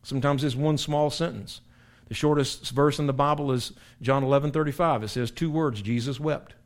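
A man's voice: medium pitch, steady tone, brisk. An older male pastor teaches scripture in a plain, everyday speaking voice. He talks conversationally but with emphasis, circling back and repeating his phrases as he explains verses. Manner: conversational and emphatic, with frequent repetitions and restarts. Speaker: pastor teaching a Bible study. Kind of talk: sermon-style Bible teaching.

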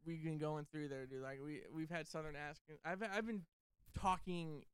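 A man's voice: a little high, steady tone, moderate pace, clear, resonant tone, dry recording. Profane, rambling podcast co-host man. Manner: profane, rambling, laughs often. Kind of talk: crude casual banter.

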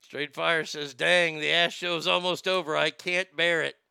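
A man hosting a live show, riffing on the news in a loud, profane, mocking rant full of stammers and jokes. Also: a little high, level tone, measured pace, gravelly, smooth, no echo, studio quality. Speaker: live show host reading chat.

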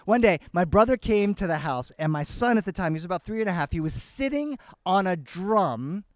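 A man telling a family story to a live audience, animated and switching between English and Spanish. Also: sits high, brisk, no echo, studio quality. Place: outdoor garden festival.

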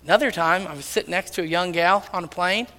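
Loud high-voiced male preacher in a hall. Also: fast. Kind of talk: sermon storytelling. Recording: long reverb of a large hall.

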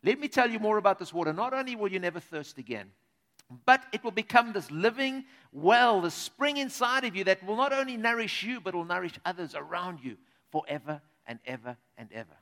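A calm, kindly teacher speaking in measured, reassuring tones, as a male preacher voices him. His voice stays fairly high and bright. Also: heavily acted.

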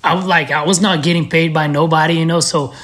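A man with a Brazilian accent, a skateboarder guest telling a story in a casual, animated, slangy way with frequent laughter. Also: on the high side, quick pace, husky.

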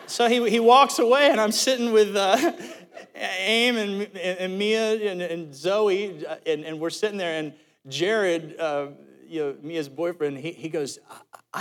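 A man preaching a sermon as pastor, telling a joking story with lively asides. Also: sits high, a little slow, a little hiss or hum. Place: church sanctuary. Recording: long hall reverb.

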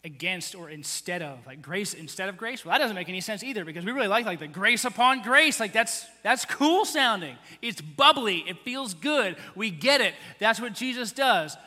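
Lively bright-voiced male preacher. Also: high voice, in a large hall. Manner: animated, acts out quotes, conversational. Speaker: pastor. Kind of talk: sermon.

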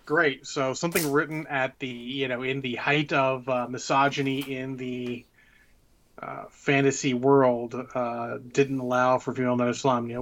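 A man's voice: mid-range voice, a bit bright. Guy on a podcast ranting, swears a lot, kinda muffled lo-fi sound. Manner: blunt, profane rants. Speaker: podcast co-host. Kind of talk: casual chat.

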